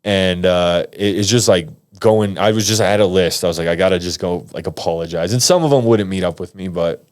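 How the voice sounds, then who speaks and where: A low-voiced man sits in a podcast studio as a guest. He tells his story casually, in a slangy, rambling way. He restarts his sentences often. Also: fairly quick, darkish tone. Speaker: guest, pro fighter.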